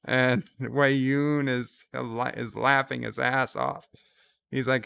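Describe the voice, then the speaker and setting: Slow, smooth-voiced man recapping a show. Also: mid-range voice, flat delivery, sharp tone. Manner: casual plot retelling with fillers and restarts. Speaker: channel host recapping an episode. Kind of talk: live reaction commentary, retelling scenes.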